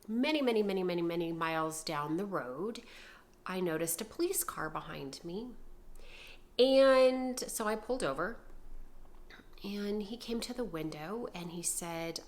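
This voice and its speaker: A woman vlogger telling a personal story in an animated, dramatic way, swinging between loud bursts and hushed asides. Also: mid-range voice, measured pace.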